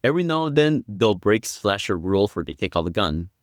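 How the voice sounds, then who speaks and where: A man as a guest on a film podcast, explaining step by step and building up to excited quoted lines. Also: lowish voice, brisk, dry recording, clean studio sound. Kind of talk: casual film review chat.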